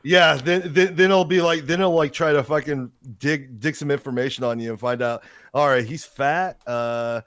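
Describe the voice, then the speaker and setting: A man's voice: on the high side, fairly even intonation, moderate pace, fairly bright tone. A man co-hosting a livestream, rambling in a mocking way. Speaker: livestream co-host. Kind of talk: casual livestream chat.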